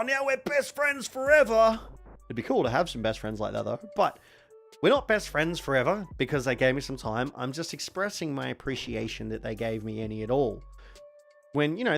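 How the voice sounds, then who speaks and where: A man in his forties with an Australian accent, chatting casually on a stream in a rambling way, sometimes bursting into excited shouting. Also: medium pitch, gravelly. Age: 40s.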